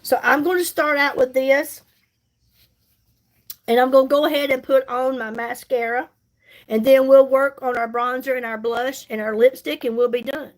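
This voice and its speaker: A woman's voice: high voice, steady tone, moderate pace. A woman, chatting casually with viewers while she does her makeup on a livestream, folksy and reassuring. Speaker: makeup livestream host and seller. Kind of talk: casual live chat while doing makeup.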